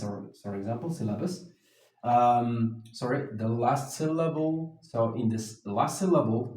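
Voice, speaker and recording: A man teaching an English grammar lesson at a whiteboard, talking slowly and haltingly, with many fillers and restarts. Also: medium pitch, darkish tone, distant mic. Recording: echoey room, voice from off the mic.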